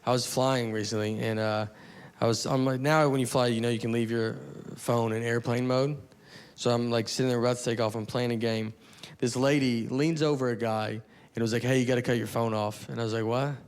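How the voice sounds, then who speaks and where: Deadpan man doing stand-up. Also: mid-range voice, brisk, smooth. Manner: deadpan, understated, rambling asides. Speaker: stand-up comedian. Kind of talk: stand-up storytelling. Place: comedy stage before a live audience. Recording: live audience murmur and faint noise. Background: audience laughter.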